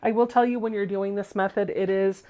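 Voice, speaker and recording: A woman's voice: mid-range voice, fairly even intonation, fairly quick, muffled recording. Chatty woman teaching sewing on a livestream. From Virginia, USA. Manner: chatty, laughs easily, corrects her own wording mid-sentence. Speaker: sewing channel host. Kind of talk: casual livestream sewing tutorial. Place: home sewing room, indoors.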